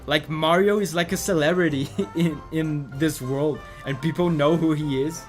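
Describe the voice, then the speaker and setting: A chatty, enthusiastic man streams a video game and talks over it in a somewhat high voice. He laughs often and reads out viewer messages. Soft game music plays in the background. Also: moderate pace, hardly any pauses. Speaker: gaming streamer. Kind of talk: let's play commentary reading chat.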